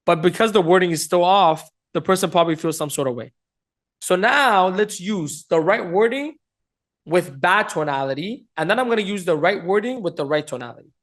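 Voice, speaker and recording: A man's voice: sits high, animated, brisk, fairly bright tone. A man teaching sales communication, directly addressing viewers and acting out example questions to show tone. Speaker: sales trainer. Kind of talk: teaching to camera.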